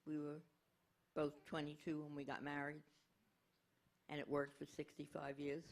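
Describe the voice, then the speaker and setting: A woman's voice: low voice, monotone, normal speed. A woman in her eighties speaking frankly and wryly as a panel guest. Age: 80s. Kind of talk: reflective panel talk.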